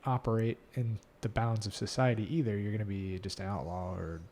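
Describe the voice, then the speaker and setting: A man's voice: on the low side, fairly quick, slight background noise. Chatty man hosting a podcast. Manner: opinionated, lively storyteller. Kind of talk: casual conversation.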